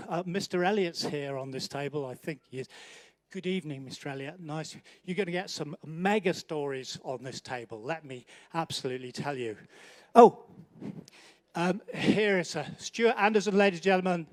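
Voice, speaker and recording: A man's voice: on the high side, animated, normal speed, no echo. A man hosting an awards night, doing joking live banter as he walks between the banquet tables and teases guests by name. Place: large indoor banquet hall.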